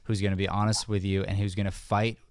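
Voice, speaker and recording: Low-voiced man hosting an acting podcast. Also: flat delivery, quick pace, clear, resonant tone, no room sound, clean studio sound. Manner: earnest, encouraging, laughs freely. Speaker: podcast host, acting coach. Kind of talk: casual chat.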